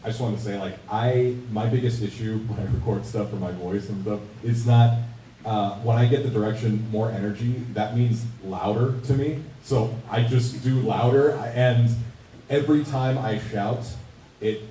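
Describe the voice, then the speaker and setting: A man voice actor talks haltingly on a convention panel, restarting his words. He sounds distant in an echoey room with faint hiss. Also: mid-range voice, warm tone. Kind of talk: casual panel talk.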